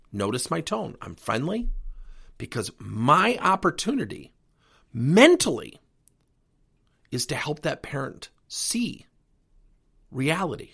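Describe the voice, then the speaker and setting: Gravelly, animated male coaching podcaster. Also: fairly high pitch, normal speed, long pauses. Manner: animated, earnest coaching delivery. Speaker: podcast host and leadership coach. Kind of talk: solo podcast talk.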